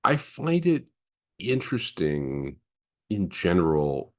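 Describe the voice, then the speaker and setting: A man hosting a podcast interview, asking thoughtful questions and agreeing often. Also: very deep voice. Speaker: podcast host. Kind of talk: interview host.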